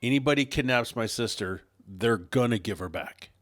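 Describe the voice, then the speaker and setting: A man's voice: mid-range voice, moderate pace, a bit bright, no echo, studio quality. A man co-hosting a casual podcast, telling a long rambling story and laughing at his own punchlines. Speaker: podcast co-host.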